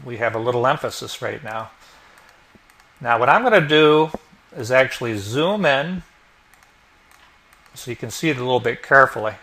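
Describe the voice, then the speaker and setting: A man narrating a software tutorial step by step as the instructor, explaining each click as he goes. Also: mid-range voice, lively intonation, moderate pace, pauses often. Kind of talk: screen-recorded tutorial narration.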